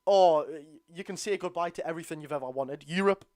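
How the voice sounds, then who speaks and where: This young football fan streamer speaks fairly quickly in a strong Geordie accent, his voice high for a man yet darkish in tone. He rants bluntly and with exasperation through a live watchalong, recorded dry and close with no room sound, and he comes from North East England.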